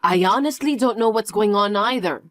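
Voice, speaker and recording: A woman's voice: mid-range voice, normal speed, fairly bright tone, no echo, clean studio sound, faint music behind, lightly acted. A woman voicing an anxious middle-aged mother who is evasive and accusing, in a dramatized story reading. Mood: flustered. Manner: flustered, evasive, guilt-tripping.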